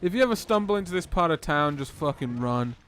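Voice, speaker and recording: A man's voice: a little high, lively intonation, fast, a bit bright. A young man from the United Kingdom chatting while gaming, dry and wry, often laughing along. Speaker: let's-play co-host. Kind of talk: casual chat over gameplay.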